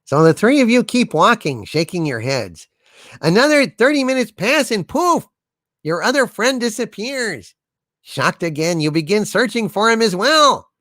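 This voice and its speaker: A man's voice: sits high, very animated, moderate pace, a bit bright, no echo, clean studio sound. A man hosting a comedy livestream, telling long jokes in a playful, theatrical way. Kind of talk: casual livestream chat.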